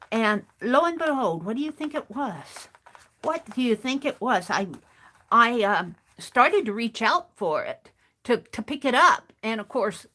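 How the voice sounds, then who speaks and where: A woman's voice: a little high, a bit bright. A woman hosting a craft stream, telling a rambling, chatty story in a casual way and often restarting her phrases.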